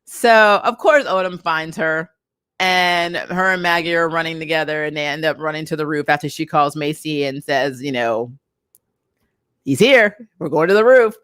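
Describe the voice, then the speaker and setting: A woman casually reviewing a TV episode, animated and exasperated, laughing between her points. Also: sits low, moderate pace, clean tone, no echo, studio quality. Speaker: TV review vlogger.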